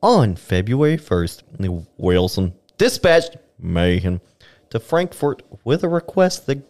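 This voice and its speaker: A man's voice: mid-range voice, a little mellow. A man co-hosting a casual podcast, reading old historical documents aloud with small stumbles and chuckles. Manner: reads archival text aloud with stumbles and laughs.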